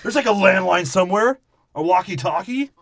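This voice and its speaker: A man puts on a dopey male government agent whose voice jumps up high and whines, in a mocking, goofy way. The sound is dry and close. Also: expressive, fairly quick, a bit bright, dry recording, full character voice.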